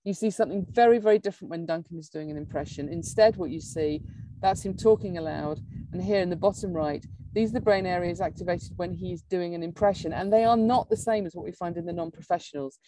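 Woman, lowish mellow voice, eager academic lecturer, dry recording. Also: fast talker, a little hiss or hum. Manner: explanatory, enthusiastic, with small laughs and restarts. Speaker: neuroscience lecturer. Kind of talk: academic conference talk.

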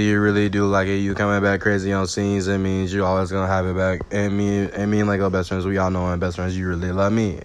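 Low-voiced young man freestyling. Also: smooth. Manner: repetitive, chanting, half-sung. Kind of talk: rambling freestyle rap.

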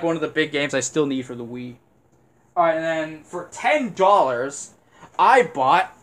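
Chatty, unsure man with a higher voice. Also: a little hiss or hum. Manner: rambling and unsure, with frequent fillers and chuckles. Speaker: video host. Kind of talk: casual game haul vlog.

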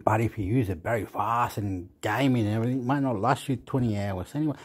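A man who lives in Australia casually reviewing a phone, rambling and thinking aloud with many pauses. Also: on the low side, breathy edge. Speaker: vlogger.

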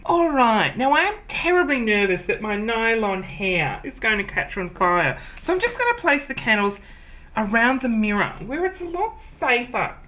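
A man's voice: extremely high pitch, sing-song, moderate pace, sharp tone, exaggerated voice. A man playing a vain, self-obsessed woman who gushes over her own mirror image in a comedy sketch. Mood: gushing. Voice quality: wig-wearing drag persona, chatty and gushing. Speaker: comedy character host.

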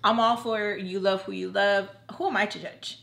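A woman's voice: mid-range voice, steady tone, normal speed, vocal fry, fairly bright tone. Young adult woman, vlogger; casual storytime delivery, rambling and emphatic, heavy "like" filler. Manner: rambling, fills with "like" constantly; candid, emphatic, cuts off swears. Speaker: YouTube storyteller.

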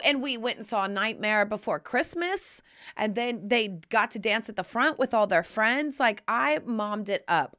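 Bright, animated woman podcast host. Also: no echo, clean studio sound. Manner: animated, jumps into loud high mock voices. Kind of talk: casual chat.

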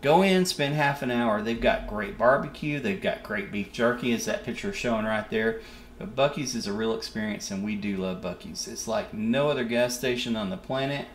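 A man's voice: fairly low pitch, normal speed. Texan man, reaction host, emphatic and homey, echoey room. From Texas. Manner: proud, folksy, emphatic. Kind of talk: casual reaction commentary. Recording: roomy echo, faint noise.

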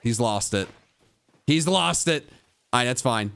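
A man streaming a video game live, muttering to himself and joking with chat, sometimes breaking into high-pitched yelling. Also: animated, unhurried, creaky, smooth. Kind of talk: live gameplay commentary.

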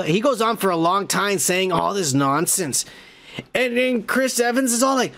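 High-voiced man casually recapping a movie. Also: animated, moderate pace, fairly bright tone. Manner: rambling, profane, laughing. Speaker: podcast host.

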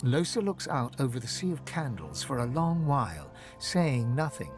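A man narrating a video game in measured, descriptive storytelling, with game music behind him. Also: mid-range voice, big pitch swings, lightly acted. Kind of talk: scripted narration.

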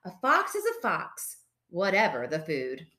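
Expressive woman storybook reader, bright, slow, lively pitch. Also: slight background noise. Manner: expressive, playful. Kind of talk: children's picture book read-aloud.

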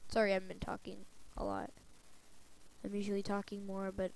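A woman's voice: mid-range voice, completely flat delivery, fairly quick, vocal fry, low-quality recording. A woman with a cold giving casual gameplay commentary, talking to herself with sing-song asides. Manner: chatty self-talk with sing-song asides. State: has a cold. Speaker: let's play gamer.

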